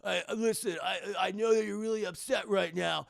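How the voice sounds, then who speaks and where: A man voicing a lovestruck teenage boy hero who shouts earnestly. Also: high voice, steady tone, moderate pace, gravelly, no echo, clean studio sound. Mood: reassuring.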